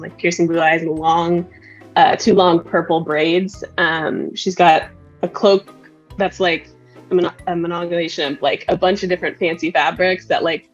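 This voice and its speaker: Hesitant woman on a dull, lo-fi mic. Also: lowish voice. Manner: hesitant, casual, many fillers. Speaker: player.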